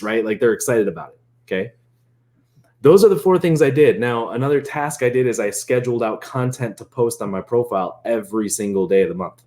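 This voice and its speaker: A man coaching on marketing in a casual, animated way, laughing often and acting out quoted chats. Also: medium pitch, a little fast. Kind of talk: casual explainer.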